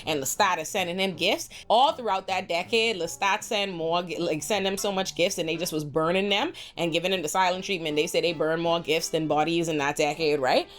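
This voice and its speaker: Profane, animated woman recapping TV. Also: fairly low pitch, a little fast, few pauses. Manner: acts out quotes in put-on voices. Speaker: pop culture commentator. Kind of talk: casual TV episode recap.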